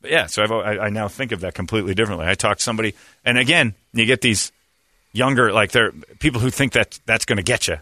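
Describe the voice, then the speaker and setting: A man's voice: lowish voice, fast, pushed and bright, no echo, studio quality. A man hosting a casual chat, rambling and joking, laughing often at his own bits.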